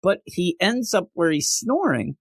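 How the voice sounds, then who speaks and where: A man with a fairly high, very lively voice talking through comics in casual podcast chat. He jumps into quick voices for the characters as he goes. The sound is dry and close, with no room around him. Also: slightly rough, no echo. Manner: animated, acts out characters' lines in quick voices. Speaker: podcast co-host.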